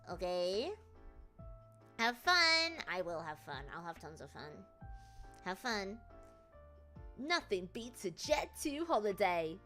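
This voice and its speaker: A woman from northern England rambles through a casual live stream, giggly and excitable, jumping from story to story. Her voice is bright and forward, with faint music playing behind her. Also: medium pitch.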